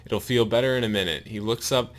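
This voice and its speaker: A man reading a long story aloud in a steady narrating voice, his mouth sore and bleeding after a wisdom tooth removal. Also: lowish voice, quick pace. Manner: steady read-aloud narration with pained asides.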